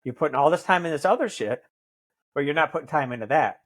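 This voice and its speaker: A man's voice: on the high side, expressive, fast talker. A middle-aged man in recovery, talking bluntly and profanely as a podcast guest, preaching tough love. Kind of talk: blunt conversational storytelling.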